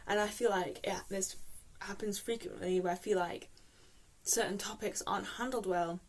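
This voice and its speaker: A young woman from the UK vents on her book vlog, exasperated and swearing. Her talk stumbles into restarts as she searches for words, and her voice sits at an ordinary middle pitch. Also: steady tone, moderate pace. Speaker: book vlogger. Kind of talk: ranting vlog.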